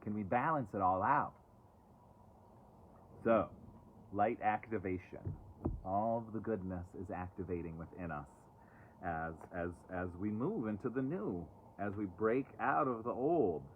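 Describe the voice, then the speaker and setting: A chatty man with a lowish voice reads oracle cards on a live stream, dropping sarcastic asides as he goes. He talks outdoors into a phone, and the sound is thin and tinny, like a phone line. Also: measured pace, slight background noise. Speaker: oracle card reader. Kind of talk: casual live-stream card reading. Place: outdoors, away from home.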